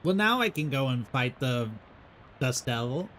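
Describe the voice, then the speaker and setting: A man's voice: mid-range voice, expressive, a little slow, slight background noise. A male streamer reading game text aloud on a live stream, in a playful way. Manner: playful, reads dialogue in mock-archaic voices. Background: loud game music.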